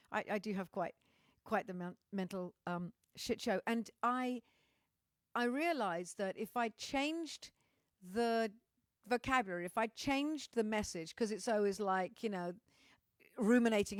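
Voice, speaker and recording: A woman's voice: medium pitch, a bit bright, no room sound, clean studio sound. A middle-aged woman with a Welsh accent, a musician chatting candidly to live viewers, swearing freely and often restarting her sentences. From Wales. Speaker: musician hosting a livestream. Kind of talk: casual chat to live viewers.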